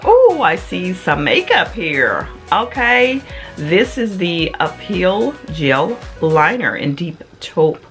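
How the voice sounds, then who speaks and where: A middle-aged woman talks her way through a subscription box, playful and chatty. Her voice sits low but swings up high when something delights her, and she takes her time, with soft music playing underneath. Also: sing-song, slow pace. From Memphis, Tennessee area. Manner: chatty, playful, Southern-style "honey" and "y'all" asides. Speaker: vlogger. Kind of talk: casual unboxing vlog.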